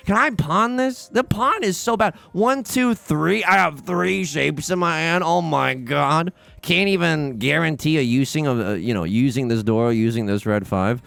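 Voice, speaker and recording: A young man giving casual, excitable commentary on his own gameplay, talking to viewers and trash-talking opponents. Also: fairly high pitch, unhurried, vocal fry, hardly any pauses, dry recording. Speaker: let's play host. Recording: game music underneath.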